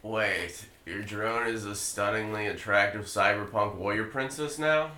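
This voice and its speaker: A man's voice: fairly low pitch, measured pace, bright, forceful tone. A man performing his part in a comedy script reading, sounding bewildered and exclaiming. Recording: echoey room.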